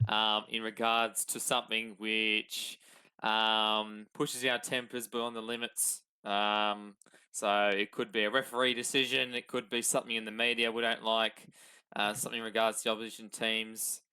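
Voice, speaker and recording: Young Aussie co-host, easygoing and rambling, smooth resonant tone. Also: male voice, on the low side, little pitch movement, normal speed, pushed and bright, poor audio. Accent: Australian. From Australia. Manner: laid-back, rambling with fillers. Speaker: podcast co-host. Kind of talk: casual sports podcast chat.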